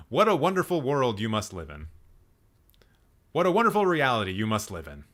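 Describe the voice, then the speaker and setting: A man's voice: medium pitch, wildly swooping pitch, moderate pace, a bit bright. A man hosting a casual live stream, playfully roasting people and laughing at his own jokes while he rambles and corrects himself. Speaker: host.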